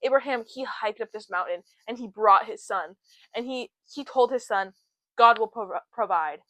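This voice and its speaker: A young woman co-hosting a casual faith podcast, chatty and earnest, retelling Bible stories with lively quoted voices. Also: fairly high pitch, moderate pace, no room sound, low-quality recording. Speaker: podcast co-host.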